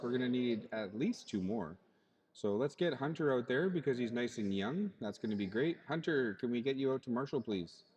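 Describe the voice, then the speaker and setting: A man runs a live radio-controlled car race over the loudspeaker, chatting and politely apologizing to the drivers. His voice rings out with long reverb through a large indoor hall. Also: medium pitch. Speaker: race director and announcer. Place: indoor RC race track in a hobby shop.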